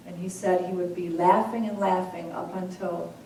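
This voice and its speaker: A woman minister leading a congregation in slow, measured sutra chanting, then speaking softly and conversationally. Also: on the low side, flat delivery, vocal fry, slight background noise. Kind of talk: call-and-response sutra chanting and sermon. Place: large hall with a congregation. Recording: echoey hall, voice from far off, congregation audible.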